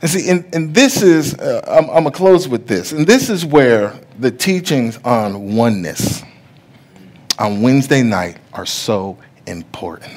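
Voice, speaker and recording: A middle-aged man preaching a sermon as pastor, telling stories that act out other people's voices and building to loud preaching. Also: medium pitch, lively intonation, a little slow. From USA. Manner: storytelling, rising to loud preaching; acts out the voices in his stories.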